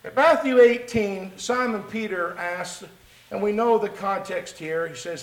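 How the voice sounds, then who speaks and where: A man preaching a sermon to his congregation. He speaks emphatically, rises high when he voices Peter, drops low and soft for Jesus, and asks his listeners rhetorical questions. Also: expressive, measured pace, echoey room, low-quality recording.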